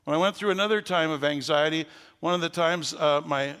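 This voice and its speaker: An older man, a pastor with a gravelly voice, preaching a sermon with folksy stories that rise into fervent preaching. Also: on the high side, fairly quick, fairly bright tone, long reverb tail.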